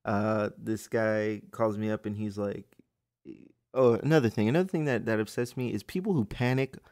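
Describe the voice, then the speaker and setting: A man's voice: on the low side, vocal fry, a little mellow, dry recording, studio quality. A man hosting a podcast, telling customer stories in a profane, exasperated, rambling way. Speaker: podcast host. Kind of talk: casual storytelling rant.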